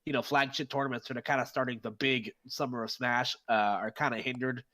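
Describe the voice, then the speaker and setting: Man, mid-pitched voice, casual panel chat, loose and hedging, lots of fillers. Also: steady tone, brisk, sharp tone.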